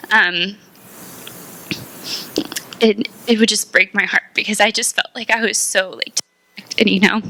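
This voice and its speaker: Bright-voiced young woman giving testimony. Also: a little high, no echo. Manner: chatty, with many fillers and lively acted-out quotes. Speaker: speaker sharing a testimony. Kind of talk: personal testimony talk. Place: room with a small audience.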